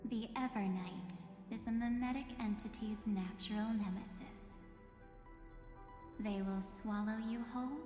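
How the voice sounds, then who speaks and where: Woman as a slow, icy, mocking game villainess; roomy reverb under soft score. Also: mid-range voice, natural voice. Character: menacing calm female shadowy entity. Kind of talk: game voice acting. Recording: reverberant game audio with music.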